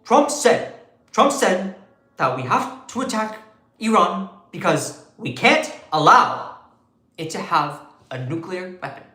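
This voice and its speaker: A man's voice: high voice, sing-song, slow pace, sharp tone, roomy sound, full character voice. A man doing an impression of an indignant older male politician who repeats phrases for emphasis.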